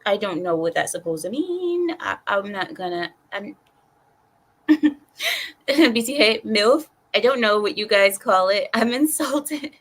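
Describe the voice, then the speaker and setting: A woman with a medium-pitched, sharp-toned voice hosts a relaxed livestream, rambling chattily as she reads out chat comments and laughs a lot.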